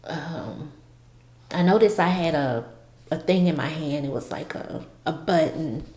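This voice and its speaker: Slow, halting woman in a roomy space. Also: low voice, a little mellow. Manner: halting, with many restarts. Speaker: vlogger. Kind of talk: personal storytelling. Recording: roomy echo.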